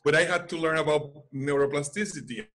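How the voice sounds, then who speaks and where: Man, aqua fitness instructor, earnest, fairly high voice. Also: a bit bright, a little hiss or hum. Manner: earnest, halting, restarts often. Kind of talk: casual webinar chat. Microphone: video call.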